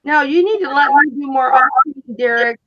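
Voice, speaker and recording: High-pitched bossy woman on a live stream, blunt and teasing, muffled lo-fi audio. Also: fairly quick. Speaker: host. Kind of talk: casual live-stream chat.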